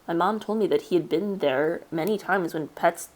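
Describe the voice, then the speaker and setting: A woman streamer reading a story aloud live, in a measured storytelling manner with casual asides. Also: fairly low pitch, a little mellow. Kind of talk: live read-aloud narration.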